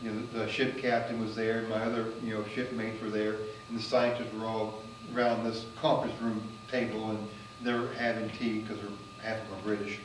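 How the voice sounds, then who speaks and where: A man from the United States, a magician and comedian, casually telling a travel story in a rambling way full of fillers, getting animated at the exciting parts. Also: fairly low pitch, a little fast. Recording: roomy and distant with faint noise.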